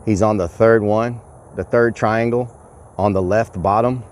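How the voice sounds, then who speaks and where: A man with a drawl chats loosely and excitably to his viewers, calling out to them as y'all. His voice sits a little on the low side. Faint outdoor noise runs under the phone recording. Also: measured pace. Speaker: livestreamer. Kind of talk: casual outdoor livestream chat. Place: outdoors at a rural property.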